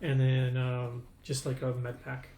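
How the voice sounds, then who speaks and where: A man's voice: medium pitch, completely flat delivery, measured pace, roomy sound, noisy background. A man running a tabletop game as game master, easygoing, with lots of fillers and laughs.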